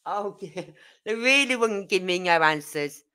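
A woman's voice: medium pitch, expressive, unhurried, pushed and bright, clean tone. A woman hosting a true crime livestream, rambling and indignant as she reads out viewer comments. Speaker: true crime channel host. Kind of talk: casual livestream chat.

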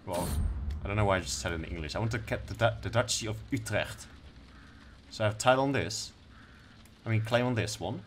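A man's voice: lowish voice, fast talker, a little hiss or hum. Laid-back young man gaming. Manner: laid-back, swears casually, reads game text aloud. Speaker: gaming streamer. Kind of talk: casual let's-play commentary.

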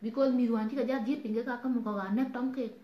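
A woman's voice: fairly high pitch, steady tone, fast talker. South Sudanese woman, earnest live-stream pleading, roomy lo-fi sound. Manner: earnest, pleading, mixing languages. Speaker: online talk host. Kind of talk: casual live-stream talk.

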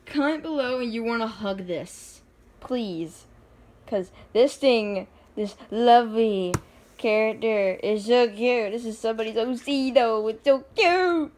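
A woman's voice: a little high, unhurried, a little mellow. A young woman showing her own drawings in a casual, rambling chat, giggling often and making fun of herself. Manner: giggly, rambling, self-deprecating.

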